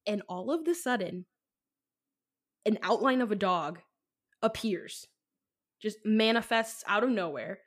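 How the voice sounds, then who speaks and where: Animated but a little slow, this young woman pauses often as she tells a personal story on the podcast she co-hosts. Her mid-range voice rambles casually, heavy on fillers, and she swears freely.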